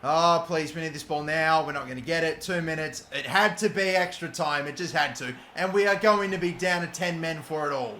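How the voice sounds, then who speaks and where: High, bright-voiced Australian gamer shouting. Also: male voice, brisk, hardly any pauses, echoey room, slight background noise. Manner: swings from muttering to screaming, swears a lot. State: voice cracking from shouting. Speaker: gaming YouTuber. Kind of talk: live gameplay commentary.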